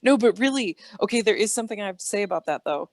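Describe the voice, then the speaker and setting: A woman's voice: medium pitch, expressive, racing, no echo. A woman guest on an interview show, telling rambling personal stories in a chatty way and acting out the dialogue. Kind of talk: casual storytelling interview.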